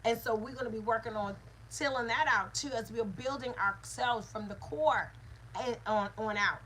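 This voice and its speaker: A woman's voice: on the high side, normal speed, sharp tone, slight background noise, low-quality recording. A woman, a mother and spiritual teacher, giving an earnest lesson with repeated phrases and call-and-response. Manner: earnest, repetitive teaching cadence.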